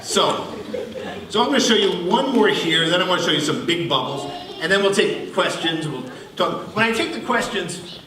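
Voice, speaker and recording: An older man talks his way through a live stage act in a bright, lively voice, joking and laughing as he goes. He sounds distant, picked up by a far-off mic in an echoey hall. A crowd murmurs around him. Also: high-pitched, moderate pace. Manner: chatty, joking, laughs often. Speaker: bubble performer. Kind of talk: live stage show patter.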